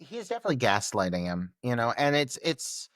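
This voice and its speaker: A man's voice: medium pitch, wildly swooping pitch, fairly quick, a bit bright, no room sound. A man co-hosting a film podcast, talking through characters in a loose, analytical way with casual swearing. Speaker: podcast co-host. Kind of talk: casual film review chat.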